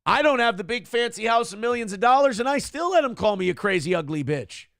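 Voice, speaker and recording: A man's voice: very high voice, expressive, fast, gravelly, a bit bright, dry recording. A male morning show host giving comedic, ranting commentary, sarcastic and profane as he mocks celebrities, on a close mic.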